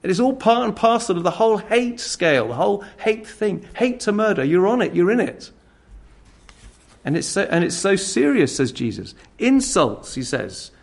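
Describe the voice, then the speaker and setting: A man delivering a sermon in a rather high voice that rises and falls with lots of movement. His tone has a gravelly, creaky texture. He drops from strong emphasis to hushed asides and slips into scornful character voices as he makes his points. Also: normal speed. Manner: expressive, swings between loud emphasis and near-whispered asides; acts out scornful attitudes in quoted voices. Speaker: preacher.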